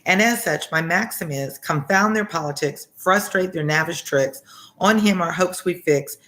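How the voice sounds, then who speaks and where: A woman reading the part of a prim, loyal, middle-aged English governess in a brisk, emphatic, fussy manner. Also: lowish voice, fairly bright tone, close to an everyday voice.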